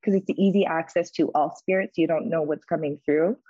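A young woman on a podcast, telling a story in a chatty way, full of fillers and lively quoted voices. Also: sits low, a little fast, husky, no room sound, muffled recording. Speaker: podcast co-host. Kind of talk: casual storytelling.

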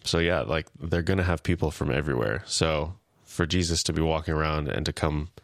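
Man, deep voice, dry sound, casual recap, acts out quotes. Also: fairly even intonation, a little fast, vocal fry, dry recording. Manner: retelling scenes, acting out lines lightly. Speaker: podcast co-host.

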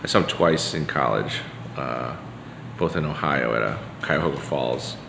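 A man's voice: extremely low pitch, normal speed, creaky. A man talking as a podcast guest, telling stories in a loose, rambling way with lots of fillers and restarts. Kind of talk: casual conversation, storytelling. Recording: echoey room with long reverb and faint hiss.

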